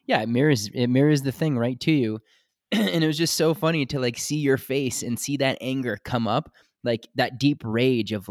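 A man's voice: mid-range voice, normal speed, dry recording, clean studio sound. A man hosting a podcast in casual conversation, talking candidly and animatedly and swearing freely. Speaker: podcast host.

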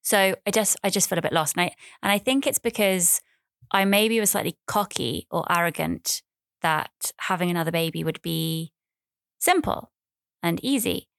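A woman in her thirties hosts a casual solo podcast, rambling along in a chatty, self-deprecating way and repeating phrases. Her voice sits on the low side with fairly even intonation, a bit of brightness, and vocal fry, at a moderate pace. The recording is clean studio sound with no room echo.

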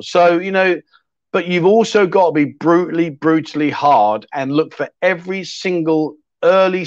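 A middle-aged man runs a livestream in a slightly high voice. He rambles in a friendly way and picks up viewers' comments as they come in. The sound is dry and slightly dull. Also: dry recording. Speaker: livestream host. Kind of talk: casual livestream chat.

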